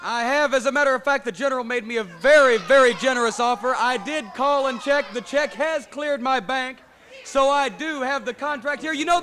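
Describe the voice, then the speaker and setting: A smug wrestling manager talks in a very high voice with a sharp, bright edge. His wordy delivery grows loud as he goes. The sound has the feel of a 1980s television broadcast. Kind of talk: wrestling promo speech.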